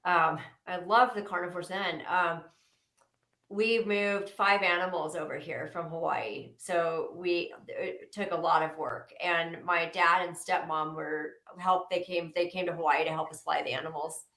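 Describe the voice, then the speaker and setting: A woman's voice: lowish voice, fairly even intonation, unhurried, sharp tone, reverberant, poor audio. A woman, a nurse, speaking as a guest in a casual interview, earnest and hesitant, with many ums and restarts.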